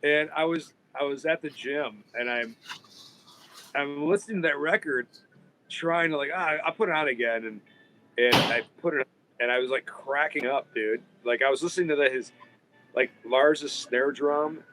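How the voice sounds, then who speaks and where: A man's voice: fairly high pitch, moderate pace, sharp tone, a little hiss or hum, poor audio. A man hosting a podcast in casual chat, telling rambling stories with plenty of swearing. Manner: rambling, profane storytelling. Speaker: podcast host.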